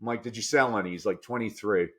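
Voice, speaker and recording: A man speaking as a guest on a podcast, telling coaching stories with lots of energy, jumping from low asides up to loud, emphatic punchlines. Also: fast, noisy background. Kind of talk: animated storytelling in a podcast interview.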